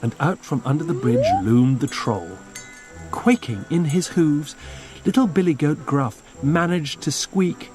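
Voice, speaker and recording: A man reading a fairy tale aloud as storybook narration, slow and expressive. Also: soft background music. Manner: slow and expressive, lively pitch.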